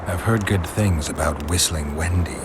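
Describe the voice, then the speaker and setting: A man's voice: low voice, moderate pace, background noise, close to an everyday voice. An actor playing a grim, white-haired male monster hunter in a video game, speaking in a terse, dry way.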